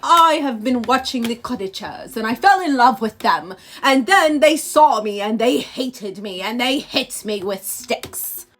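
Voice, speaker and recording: A woman's voice: fairly high pitch, animated, measured pace, few pauses, fairly bright tone, soft background music. A woman voicing an eloquent, vengeful male monster who speaks in overly polite, formal phrasing while making threats. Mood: politely menacing.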